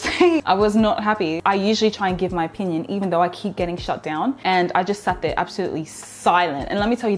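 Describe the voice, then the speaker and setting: A woman, telling a workplace story to camera in a candid, animated way and laughing as she goes. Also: on the low side. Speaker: vlogger.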